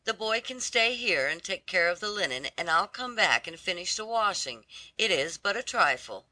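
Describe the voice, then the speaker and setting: A reader voicing a lame, gossipy old woman who chatters with pity and indignation in a storybook reading; the voice sits higher than the narration. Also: sing-song, normal speed, pushed and bright, no echo. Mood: coaxing. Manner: sympathetic, scolding chatter.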